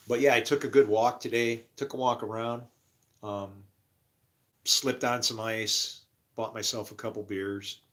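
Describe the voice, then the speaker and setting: Middle-aged guy ranting about god and his day, grumpy, bright edgy tone. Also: medium pitch, fairly even intonation, takes it slowly, pauses often. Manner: grumpy, preachy, laughs at himself. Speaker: vlogger. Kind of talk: rambling monologue.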